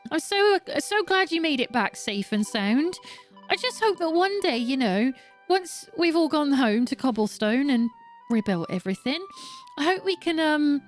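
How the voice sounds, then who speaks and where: A woman voicing a sweet young village girl who talks gently and rambles shyly. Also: medium pitch, steady tone, moderate pace, hardly any pauses, faint music behind, pitched below the performer's own voice, close to an everyday voice. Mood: shy, fond. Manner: gentle, rambling, self-effacing.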